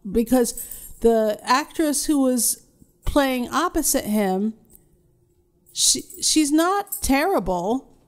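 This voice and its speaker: A woman co-hosts a casual podcast, chatting freely and reading out facts now and then. Her voice sits a little higher than most women's. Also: lively intonation, slow pace, pauses often. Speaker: podcast co-host. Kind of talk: casual chat.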